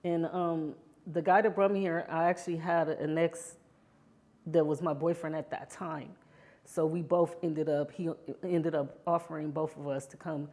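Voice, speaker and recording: Low-voiced woman telling her story. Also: normal speed. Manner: heartfelt storytelling, often adds "you know"; grows animated when reliving past moments. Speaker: interview guest. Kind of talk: personal testimony interview.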